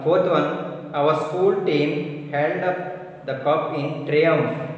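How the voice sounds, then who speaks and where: A man teaching a lesson, repeating words slowly and spelling letters aloud. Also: mid-range voice. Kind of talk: classroom lesson explanation. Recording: echoey room with long reverb.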